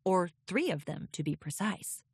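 A woman reading a children's storybook aloud with expressive, lilting narration. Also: on the low side, moderate pace, breathy edge, no echo, clean studio sound. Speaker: audiobook reader.

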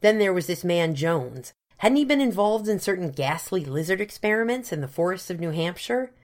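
A woman narrating a novel in a measured, dryly wry storytelling manner. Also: lowish voice, big pitch swings, a little mellow. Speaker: audiobook narrator. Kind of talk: scripted narration.

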